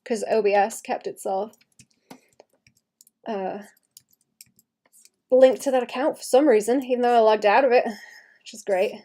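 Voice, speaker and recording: A woman's voice: a little high, fairly even intonation, measured pace, pauses often, warm tone. A young woman with a light Welsh accent, chatting casually and rambling as she draws on a live stream, laughing often. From Wales. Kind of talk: casual livestream chat while drawing.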